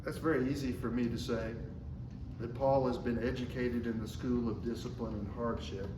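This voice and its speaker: Measured man preaching in echoey church. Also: medium pitch, fairly even intonation, recorded from a distance, background noise. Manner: measured, slows down for quoted scripture. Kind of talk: sermon. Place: church sanctuary. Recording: echoey room, mic from afar.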